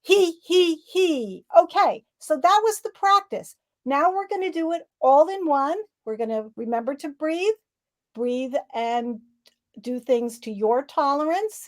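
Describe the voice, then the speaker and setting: Upbeat woman presenting on laughter. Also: sits high. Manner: upbeat, demonstrates rhythmic ho ha he laughter sounds. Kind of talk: online presentation leading laughter exercises. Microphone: video call.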